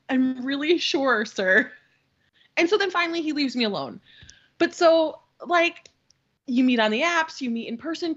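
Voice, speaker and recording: Woman in her thirties, podcast co-host, husky, slightly high voice, lively storyteller who acts out quotes, dull lo-fi sound. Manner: animated storyteller, acts out quotes, swears freely, laughs often. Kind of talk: casual storytelling chat.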